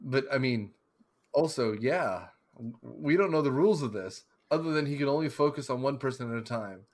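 A man's voice: medium pitch, lively intonation, a little fast. A man hosting a casual podcast discussion, rambling with many fillers and restarts, acting out scenes as he describes them. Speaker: podcast host.

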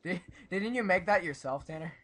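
A man hosting a casual gameplay commentary, excitable and prone to bursts of panicked yelling. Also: sits high, a little fast. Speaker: gaming channel host.

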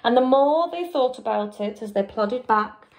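A teacher reading a picture book aloud to young children, with an expressive, drawn-out delivery. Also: female voice, on the high side. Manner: expressive, drawn-out, lively character voices.

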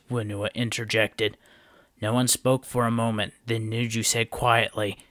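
A man narrating a fantasy storybook chapter in a steady, even reading style. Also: fairly low pitch, unhurried, dry recording, studio quality. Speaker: audiobook narrator.

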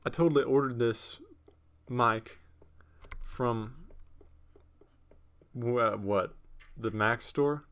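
Bright-voiced young man rambling over gameplay. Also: mid-range voice, extremely slow, pauses often. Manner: rambling, self-mocking, excitable outbursts. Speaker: gameplay commentator. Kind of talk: casual let's-play commentary. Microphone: desktop USB microphone.

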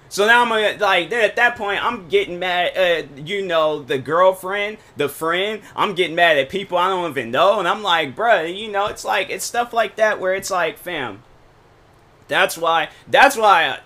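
Bright-voiced man ranting casually. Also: mid-range voice. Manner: rambling, repetitive, frustrated, with slang. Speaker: storytime vlogger. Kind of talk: casual storytime rant.

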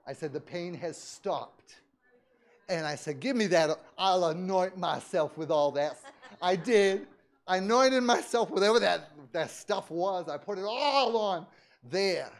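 A man, a pastor, telling a story in a sermon, dropping to hushed asides, shouting prayers and laughing often. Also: high voice, expressive, measured pace. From United States. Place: church service.

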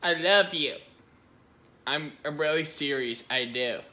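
A man's voice: on the high side, unhurried, bright, forceful tone. A man giving giggly, rambling reaction-video commentary, gushing over what he watches.

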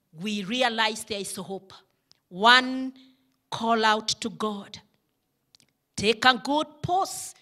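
A woman's voice: on the high side, bright, forceful tone. A woman pastor preaching a sermon, fervent and building to impassioned pleas.

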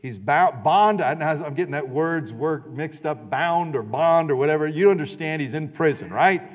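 Emphatic preacher in an echoing church hall. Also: male voice, on the high side, normal speed. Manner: emphatic, repeats phrases and calls on the congregation. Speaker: pastor. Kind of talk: sermon. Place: church sanctuary. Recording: long reverb of a church hall.

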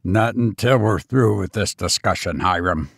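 A man voicing a grim, brooding older male banker who speaks low, slow and relentlessly. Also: vocal fry, fairly bright tone, slightly rough, dry recording, clean studio sound, exaggerated voice.

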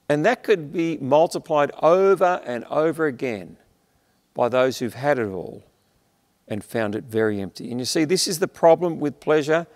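A fairly high-voiced Australian preacher delivers an animated, earnest and emphatic sermon at a church that's streamed online. Key phrases come out slowly for emphasis, his lines fade softly, and a long reverb makes it sound like a large hall.

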